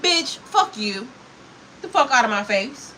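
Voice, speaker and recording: A woman's voice: on the high side, expressive, unhurried, bright, forceful tone, a little hiss or hum, poor audio. A woman spiritual coach in a heated, profane, emphatic livestream rant.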